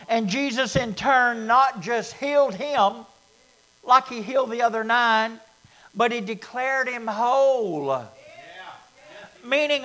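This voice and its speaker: A man preaching a sermon as pastor, dropping to near whispers and rising to loud, fervent bursts. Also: sits high.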